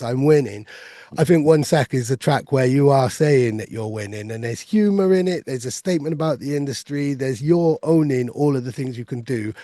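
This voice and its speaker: A man's voice: medium pitch, dark tone, no room sound, studio quality. A man with a Welsh accent interviewing a musician, enthusiastic and full of praise. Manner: enthusiastic, praising, reads from notes. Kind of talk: casual interview.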